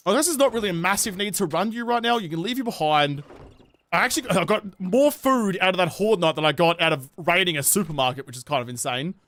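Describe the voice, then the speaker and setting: Sweary Australian streamer with a high voice. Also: male voice, fairly bright tone. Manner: sweary, sarcastic, rambling banter with chat. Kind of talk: casual gameplay livestream chat.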